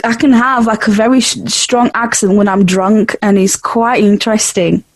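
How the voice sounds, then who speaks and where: A woman's voice: mid-range voice, fairly even intonation, normal speed, no room sound, poor audio. A woman from Eastern Europe with a blended Yorkshire and Eastern European accent, hosting a podcast in casual, chatty talk full of fillers and restarts. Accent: Yorkshire mixed with Eastern European. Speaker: podcast host. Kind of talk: casual interview chat. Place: home in Leeds.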